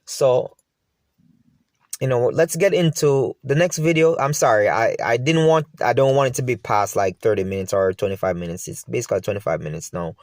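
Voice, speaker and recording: A man's voice: on the low side, no echo, clean studio sound. A man telling his own painful story to the viewer, emotional and repeating himself. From Jamaica. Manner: emotional, repetitive, talks straight to the viewer. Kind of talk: personal storytelling to camera.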